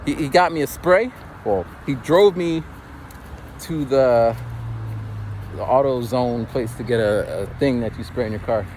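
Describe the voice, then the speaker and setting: A man's voice: mid-range voice, unhurried, darkish tone. A man telling a casual story as a vlogger, rambling with many restarts and repeated words, recorded on a phone outdoors near traffic.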